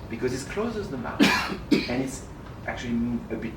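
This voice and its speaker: A man's voice: medium pitch, very animated, moderate pace. A middle-aged man from France with a French accent, teaching a flute masterclass and coaching with sung syllables. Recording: roomy, distant mic, noisy.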